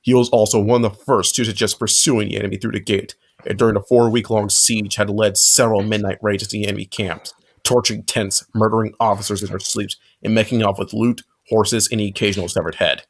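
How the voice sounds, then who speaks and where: A man's voice: lowish voice, level tone, brisk. A man narrating a fanfic aloud with friends, in a casual reading with occasional slips.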